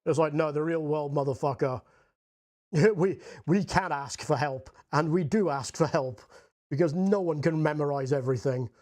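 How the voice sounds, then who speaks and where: At a moderate pace, a young man with a Scottish accent and a fairly high, slightly mellow voice chats while painting on a livestream. His talk rambles, laced with curses and frequent "like"s.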